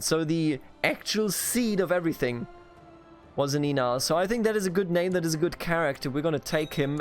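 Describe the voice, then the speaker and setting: A man from Bavaria in Germany commentating a strategy game let's play, playful and mock-grandiose as he talks to the characters on screen. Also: on the high side. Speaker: gaming video host.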